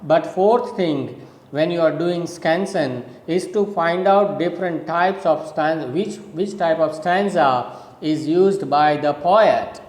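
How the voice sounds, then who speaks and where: A slow, measured male lecturer talks through his points one at a time, repeating words as he counts them off. His voice sits a little high. The room is echoey and the reverb hangs long after each phrase. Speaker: college lecturer. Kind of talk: recorded classroom lecture.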